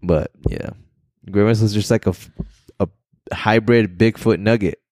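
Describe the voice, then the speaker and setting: Low voiced dude on a podcast, relaxed, jokey, lots of bro, dry sound. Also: male voice, a little slow, no room sound. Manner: relaxed joking banter, calls people bro. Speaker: podcast co-host. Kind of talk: casual chat.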